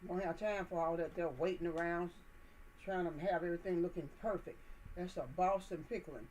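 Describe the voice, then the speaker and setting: A woman's voice: lowish voice, steady tone, brisk, a little mellow, a little hiss or hum, poor audio. Chatty folksy woman gardening host. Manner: folksy, chatty, encouraging, addresses viewers as y'all. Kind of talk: casual how-to demonstration. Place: indoors, potting plants.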